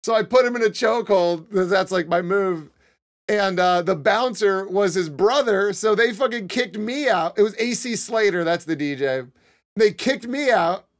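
A young man talks straight into his desk mic on a live stream, spinning a rambling story for his chat. His voice sits a little high for a man. He swears freely and keeps breaking into laughter. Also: moderate pace. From Connecticut. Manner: animated, swearing, laughing often.

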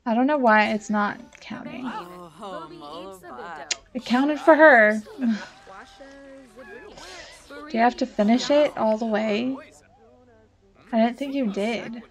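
A woman's voice: a little high, slow pace, pauses often. A young woman giving casual gameplay commentary as a let's play host, talking straight to the characters on screen and getting exasperated with them. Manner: talks to the game characters, easily exasperated.

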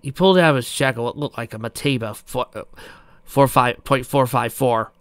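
A man reading a novel aloud as narrator, plain and steady, with small stumbles. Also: medium pitch, moderate pace, no echo. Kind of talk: amateur audiobook reading.

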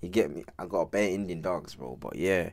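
A man's voice: deep voice, normal speed, darkish tone. A man streaming a casual reaction, talking to his chat in slang and laughing often. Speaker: streamer reacting to a music video.

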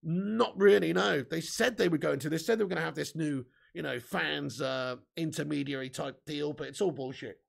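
A young man hosts a football fan live stream, chatting and swearing casually as he reads out viewer comments. His voice is slightly high and gravelly, moving at a moderate pace with few pauses.

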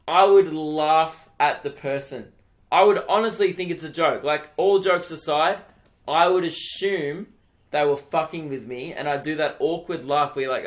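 Ranting Australian man, slightly high. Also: normal speed. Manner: animated ranting, mock outrage, swearing. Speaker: comedian podcast host. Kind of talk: solo comedy podcast rant.

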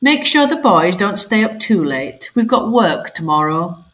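A woman's voice: mid-range voice, big pitch swings, unhurried, a bit bright. A woman voicing a sly, bossy female cat who runs a gang.

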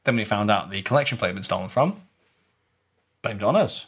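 A man co-hosting a podcast, telling an animated story in casual chat and acting out the voices of others. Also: lowish voice, a little fast, slightly rough. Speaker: podcast co-host recounting a LARP.

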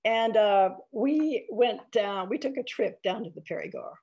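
A woman's voice: mid-range voice, animated, measured pace, a little mellow, slight background noise. An older woman giving an author talk over a video call, telling anecdotes in a chatty way with many fillers and restarts. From Iowa, United States.

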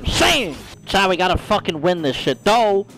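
A young male streamer talks over a match in a high, very animated voice. He is profane and hyped and breaks into yells. Loud game music plays beneath him. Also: normal speed, rough recording. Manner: profane, hyped, bursts into yelling. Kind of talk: live gameplay commentary.

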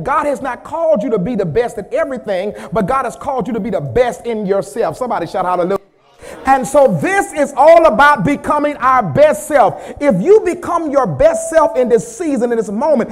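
A man preaching a sermon in a church, calling on the congregation to repeat after him and swinging from hushed, low talk to loud shouted peaks. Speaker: pastor. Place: church sanctuary.

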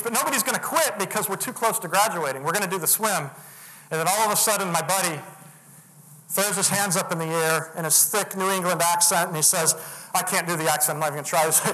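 A man giving a motivational talk, telling a personal story earnestly and getting animated when he acts out other people. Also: high-pitched, poor audio. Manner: earnest, builds to animated retellings. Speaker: motivational speaker.

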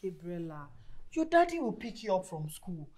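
An actress playing a busy, career-driven wife and mother who swings from weary to loud. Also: lowish voice, sing-song, moderate pace. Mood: soothing. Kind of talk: film drama acting.

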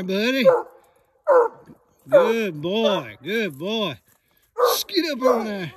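An older man talks high and swings his pitch wildly as he urges on a hound. He speaks in a folksy, excited way, filmed on a handheld camera outdoors in the woods. The recording is loud with outdoor noise and barking dogs. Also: very slow. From West Virginia. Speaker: hunter filming his granddaughter's hunt. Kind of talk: casual outdoor chat.

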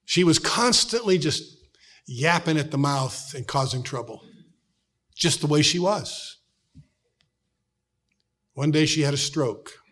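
Man, middle-aged, American accent, pastor, sermon, storytelling, loud to hushed. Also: a little high, lively intonation, slow pace, long pauses.

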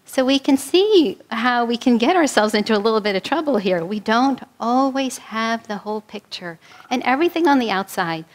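A woman minister from New York City leading a guided prayer and telling stories in a sermon, slow and soothing in prayer, livelier in her stories. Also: a little high, animated.

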